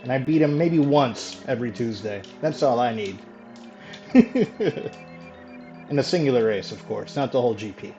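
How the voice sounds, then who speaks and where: A man's voice: mid-range voice, expressive, measured pace, mellow. A man streaming a video game live, chatting casually with viewers, swearing now and then and laughing easily. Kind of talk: casual live gameplay chat. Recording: dull lo-fi mic with faint music.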